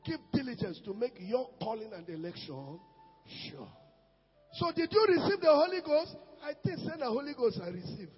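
High-voiced pastor shouting in a hall. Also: male voice, very animated, moderate pace, slightly rough. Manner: swings from shouting to low murmurs. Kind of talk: sermon. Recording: echoey hall with dull sound and music.

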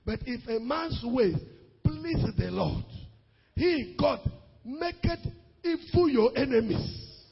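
A man preaching a sermon as pastor, rising into sung and shouted emphasis. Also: very high voice, lively intonation, slow pace, creaky, breathy edge, in a large hall, highs cut off, soft background music.

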